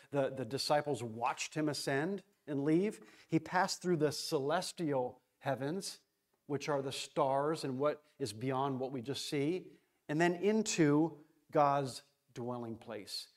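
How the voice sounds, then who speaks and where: Excitable man teaching a Bible study. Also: on the high side. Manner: excitable, restarts often, stresses key words.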